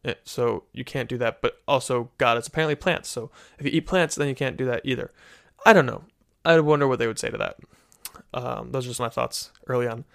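A man of ordinary pitch talks through a Christian teaching in a casual, conversational manner. He often restarts his sentences and checks in with listeners as he goes. He speaks into a desk microphone in a room with a bookshelf. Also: fairly quick, vocal fry, fairly bright tone, clean tone. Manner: conversational, many "right?" tags and restarts. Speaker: Christian teacher, podcast host. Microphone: studio microphone.

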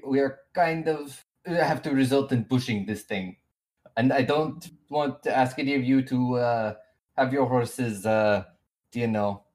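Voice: medium pitch, a little mellow, close to an everyday voice. Casual: guy doing a goofy adventurer dude, choppy broken sentences, super earnest. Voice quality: put-on accent, clipped broken phrasing. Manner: halting, formal and earnest. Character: male adventurer planning a wyvern hunt.

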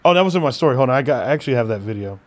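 A man's voice: medium pitch, expressive, rapid-fire. A man chatting casually as a podcast co-host, laid-back, laughing often and swearing now and then. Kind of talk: casual chat.

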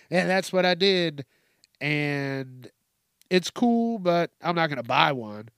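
A man's voice: fairly high pitch, expressive, slow pace, gravelly, a bit bright, smooth, no echo, studio quality. A man hosting a casual solo podcast, rambling and swearing through jokey rants, slipping into mocking quoted voices and laughing at himself. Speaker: podcast host.

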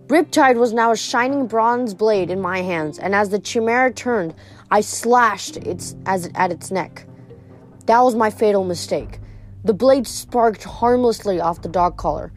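A woman's voice: mid-range voice, measured pace, soft background music. A woman reading a novel aloud chapter by chapter, with small slips and restarts. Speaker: reader of a novel.

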